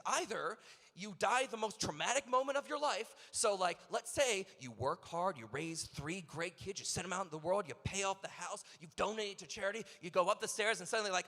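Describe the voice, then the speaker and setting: A high, bright-voiced man does a stand-up bit as emcee, firing off rambling rhetorical questions with lively swings in pitch. He is on a PA mic in a large convention hall, and his voice trails off in a long echo. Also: fairly quick.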